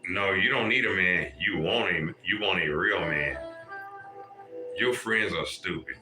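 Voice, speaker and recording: A man's voice: deep voice, a little slow, echoey room, music in the background. A man hosting a livestream, lecturing his viewers in a profane, preachy way and calling out to people in the chat. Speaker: livestream host.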